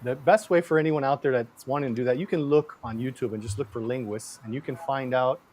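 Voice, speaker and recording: A man who grew up in the Canal Zone, telling stories in a casual chat, animated, acting out quotes and laughing often. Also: medium pitch, fast talker, slight background noise. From Panama Canal Zone. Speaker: guest actor.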